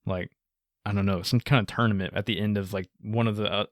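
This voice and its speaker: Male co-host, low-pitched, relaxed halting delivery, dry close mic. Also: no room sound. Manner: laid-back, halting with fillers, laughs. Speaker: podcast co-host. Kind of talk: casual movie-review chat.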